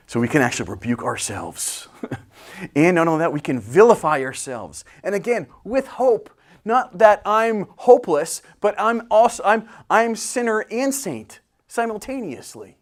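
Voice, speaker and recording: A man preaching a sermon as pastor, swinging from loud bursts to hushed whispers. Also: fairly high pitch. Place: church sanctuary.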